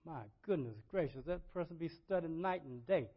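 An older male pastor delivers a sermon in a high voice, dropping to quiet asides and then rising to loud, impassioned crying out. He repeats words and phrases in a rolling preacher's cadence. The recording is dull and lo-fi. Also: lively intonation, a little fast, hardly any pauses.

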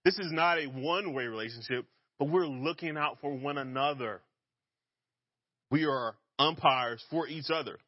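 A man preaching a relaxed, conversational sermon, joking and laughing at himself as he teaches. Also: a little high, normal speed, no room sound, muffled recording. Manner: casual and self-deprecating, laughs at himself.

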